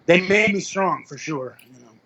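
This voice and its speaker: Husky-voiced middle-aged man telling stories. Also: high-pitched, lively intonation, normal speed, a bit bright, poor audio. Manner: rambling anecdotes with self-corrections and chuckles. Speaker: interview guest, veteran powerlifter. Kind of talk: casual storytelling interview.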